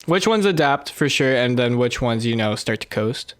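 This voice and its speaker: Young man, dry close recording, measured hedging delivery, podcast co-host. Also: medium pitch, lively intonation, fairly bright tone, clear, resonant tone, dry recording. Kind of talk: casual sports chat.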